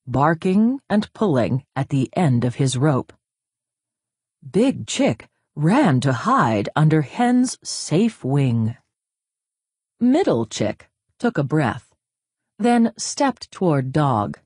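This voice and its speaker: A woman narrating a children's storybook aloud in an expressive, sing-song way. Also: low-pitched, slow pace, breathy edge, dry recording, clean studio sound.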